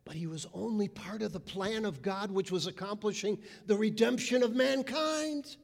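Man, pastor, emphatic sermon, high-pitched, long hall reverb. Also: moderate pace, vocal fry. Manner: emphatic preaching, mimicking people's voices.

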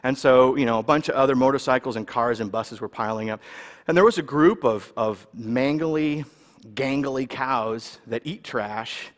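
Male pastor, mid-pitched voice, relaxed storytelling sermon, lots of "right?" asides, big echoing sanctuary. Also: moderate pace. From California, US. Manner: casual, animated storyteller, checks in with the audience. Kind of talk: sermon with personal stories.

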